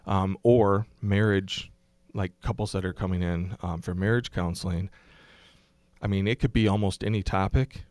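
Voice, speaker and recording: A middle-aged man, a pastor, explaining his ideas in a relaxed podcast conversation, thinking aloud with ums and restarts. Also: low voice, moderate pace, no echo. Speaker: pastor and guest.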